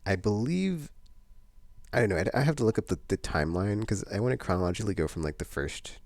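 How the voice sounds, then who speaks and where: A man's voice: on the low side, lively intonation, quick pace, darkish tone, no room sound. A man vlogging in a casual, meandering chat, full of fillers and restarts.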